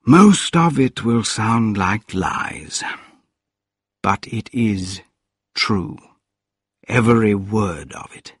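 A man doing a weary, hushed gentleman inventor. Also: fairly low pitch, expressive, extremely slow, long pauses, slightly rough, no echo, clean studio sound, full character voice. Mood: tired, hushed. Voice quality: quiet, worn-out and hushed.

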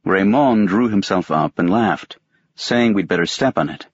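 A man reading a novel aloud as an audiobook narrator, in a measured, detached first-person telling. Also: sits low, lively intonation, breathy edge, dull audio. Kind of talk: scripted narration.

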